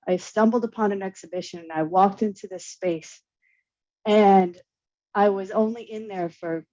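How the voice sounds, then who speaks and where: A woman, an artist and curator, telling a personal story earnestly and with feeling on a panel. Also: medium pitch. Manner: earnest, emotional, animated storytelling with laughs. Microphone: video call. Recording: dull lo-fi video call audio.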